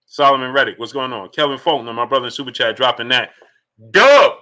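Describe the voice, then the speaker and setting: A man's voice: mid-range voice, fairly quick, bright, forceful tone. A man hosting a live boxing stream, greeting viewers in the chat by name and firing off rhetorical questions. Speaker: boxing livestream host.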